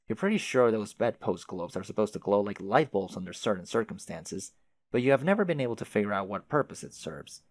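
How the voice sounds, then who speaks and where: A man with a lowish voice reads a webcomic aloud, dropping casual, wry asides and the odd swear between passages. The recording is close and dry, with no room sound. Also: no room sound. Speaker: webcomic reader. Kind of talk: reading a webcomic aloud with commentary.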